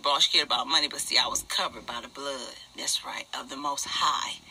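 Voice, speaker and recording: Male comic as an indignant single mom, ex-nurse, cussing nonstop, gravelly, very bright and cutting edge. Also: on the high side, full character voice. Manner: profane, fast, indignant ranting. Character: furious middle-aged woman, former nurse, single mother. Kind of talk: ranting stand-up character monologue.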